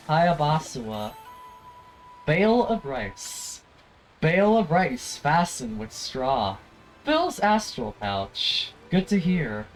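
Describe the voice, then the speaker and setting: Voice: medium pitch, very animated, takes it slowly, soft background music, poor audio. A streamer giving playful, jokey commentary while playing a video game. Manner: playful, jokey asides and silly voices. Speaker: let's play streamer. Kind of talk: casual gameplay commentary.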